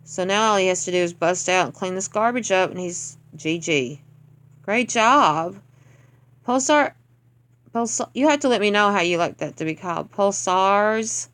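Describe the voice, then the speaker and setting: A woman's voice: mid-range voice, moderate pace, a bit bright, smooth. A woman talks through game replays in a casual, unscripted way. She is blunt and exasperated and rants openly. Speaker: clan leader reviewing game attacks. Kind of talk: casual gameplay commentary.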